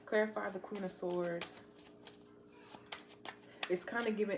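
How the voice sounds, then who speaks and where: Woman, tarot reader, casual reading, blunt, slangy, teasing, medium pitch, faint background noise. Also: fairly even intonation, measured pace.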